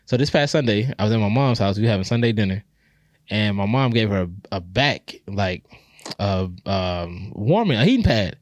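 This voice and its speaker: A man's voice: fairly low pitch, normal speed, no echo. A man in his thirties, a podcast co-host, telling stories in a loose, profane, casual way. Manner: loose, profane storytelling with animated retellings.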